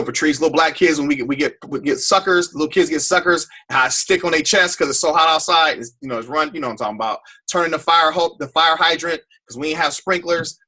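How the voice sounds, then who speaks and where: A man tells his own story to a group, his voice husky with a bright, forceful edge. He talks with deep feeling and often repeats or restarts his phrases. It sounds like personal testimony rather than a lecture. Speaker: speaker on a team call.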